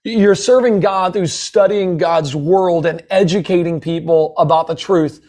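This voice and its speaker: A man's voice: high-pitched, a little slow, a little mellow. A man hosting a webinar, eagerly introducing a guest with gushing praise and frequent fillers. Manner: eager and effusive, with many fillers. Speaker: webinar host.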